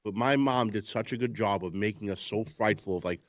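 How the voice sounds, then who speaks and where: A man co-hosting a podcast who tells long, rambling stories at a quick clip. He gets animated as he acts out scenes. The sound is dry and close to the mic. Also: fairly low pitch, no echo. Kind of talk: casual podcast chat.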